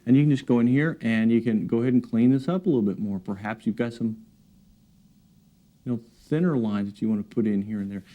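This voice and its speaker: A man giving a relaxed, encouraging painting demonstration in his studio, talking while he works. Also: mid-range voice, fast talker, dull audio. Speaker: painting instructor. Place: art studio.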